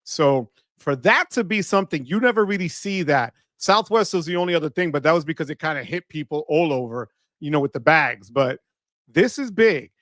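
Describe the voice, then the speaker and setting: Upbeat man hosting a live show, high voice. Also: fairly quick, no echo, clean studio sound. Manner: lively, greets viewers one by one, sprinkles Spanish words. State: voice affected by allergies. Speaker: host of a live credit card show. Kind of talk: casual livestream chat. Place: home studio. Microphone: close studio mic.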